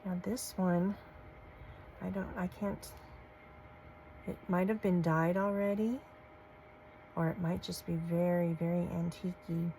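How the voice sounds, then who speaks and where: Slow gravelly-voiced woman gushing. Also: on the low side, level tone, a little hiss or hum, rough recording. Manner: gushing, soft-spoken, folksy. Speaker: crafting channel host. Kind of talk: casual show-and-tell vlog.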